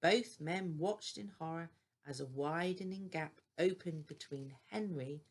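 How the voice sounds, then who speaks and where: An older woman reading a children's bedtime story aloud in a gentle, deliberate way. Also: low voice.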